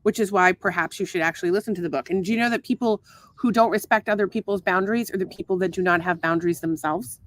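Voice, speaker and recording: A woman's voice: on the low side, quick pace, no echo. A woman co-hosting a casual podcast, talking with lots of swearing and filler ums in an exasperated way. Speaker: podcast co-host. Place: outdoors at a home pool.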